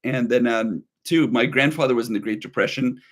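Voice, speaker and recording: A man's voice: medium pitch, fairly quick, fairly bright tone. Man, 30s, livestream co-host, rambling chatty delivery, reads chat aloud.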